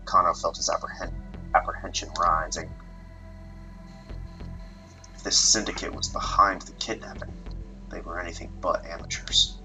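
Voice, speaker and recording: A man with a low, bright, forceful voice reads visual novel narration expressively. He slips into casual asides between scenes. Faint music plays behind him. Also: flat delivery, moderate pace, long pauses, low-quality recording. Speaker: let's play narrator. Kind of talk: reading a visual novel aloud.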